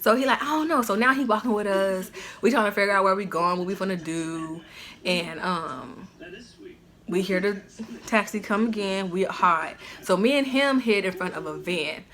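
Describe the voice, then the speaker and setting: A woman spins a story for her vlog in an easy, chatty storytime. Her voice sits at a medium pitch. She talks in animated, slangy bursts full of "like" fillers. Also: moderate pace. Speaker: vlogger telling a story. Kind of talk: casual storytime.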